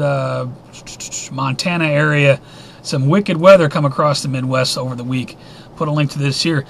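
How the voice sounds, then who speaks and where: A man's voice: high-pitched, fairly bright tone, a little hiss or hum. A man hosting a weekly news roundup, reading headlines in a casual, offhand way with wry asides and stumbles over names.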